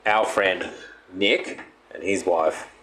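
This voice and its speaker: A young man, a podcast co-host, telling an animated story in casual chat, with lots of restarts and swearing. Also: low-pitched, slow pace. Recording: steady background noise.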